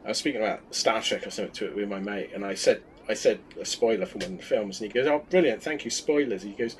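A man's voice: lowish voice, fairly even intonation, rapid-fire, slight background noise. A man co-hosting a podcast, chatting casually and telling rambling anecdotes with frequent laughs. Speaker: podcast co-host. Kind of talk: casual chat.

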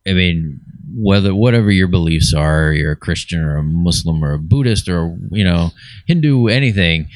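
A man's voice: low voice, expressive, normal speed, no room sound, studio quality. A man in his forties, co-hosting a podcast, chatting enthusiastically about films. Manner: enthusiastic, rambling with restarts. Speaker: podcast co-host. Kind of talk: casual chat about films.

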